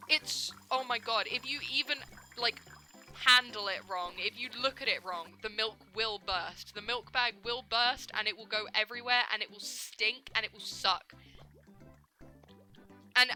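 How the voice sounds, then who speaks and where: A young adult woman streaming a game, chatting casually and ranting in an animated, profane, self-mocking way. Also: fairly high pitch. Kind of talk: casual gameplay commentary.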